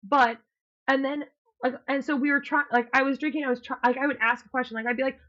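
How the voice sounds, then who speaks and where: A woman's voice: sits high, fast. A woman co-hosting a podcast, telling a dating story in casual chat and acting out what people said. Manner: animated storyteller, acts out quotes, swears. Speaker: podcast co-host. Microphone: podcast mic, remote call. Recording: muffled lo-fi sound.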